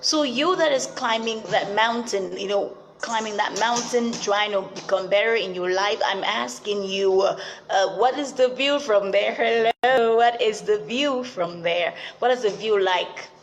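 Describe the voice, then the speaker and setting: A woman's voice: mid-range voice, unhurried, slight background noise. A young adult woman hosting a motivational talk show, speaking earnestly and repeating rhetorical questions to her listeners. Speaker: show host.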